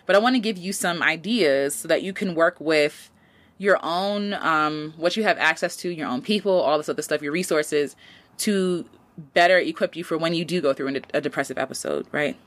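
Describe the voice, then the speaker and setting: Woman, late 20s, podcast host; casual slangy advice, lower voice but bright, dry recording. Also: normal speed, no echo. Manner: animated, slangy, pitch jumps up for emphasis.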